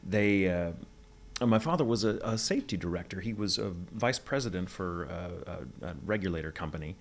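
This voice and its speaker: Low gravelly man with mid-Atlantic accent. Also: lively intonation, a little fast. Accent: neutral mid-Atlantic. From Texas, USA. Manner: articulate, reflective storytelling. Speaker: interview guest, voice actor. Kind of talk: casual interview chat.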